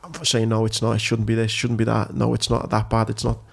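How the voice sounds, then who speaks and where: A man from England, a podcast host and ex-Marine, telling a frank, animated story in casual chat. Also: fairly low pitch, brisk, creaky, breathy edge.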